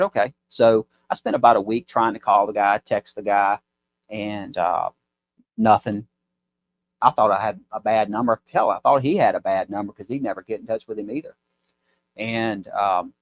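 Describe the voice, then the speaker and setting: This is a low-pitched man with a drawl, chatting casually as a podcast guest. He rambles through his stories with a folksy ease and acts out the people in them. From Mississippi. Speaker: podcast guest, business owner. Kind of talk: casual storytelling chat.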